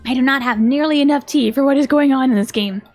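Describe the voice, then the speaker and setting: A woman's voice: sits high, fast talker, soft background music. A woman from Minnesota streaming a detective video game, reading its dialogue aloud with playful, giggly commentary. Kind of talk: casual let's-play commentary.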